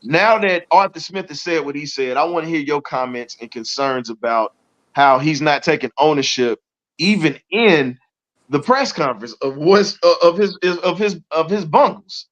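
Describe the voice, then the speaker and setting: A man's voice: a little high, expressive, moderate pace, fairly bright tone. A man with a Southern US accent hosting a heated sports talk show, fired up and colorful in his trash talk. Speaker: show host. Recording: dull lo-fi audio.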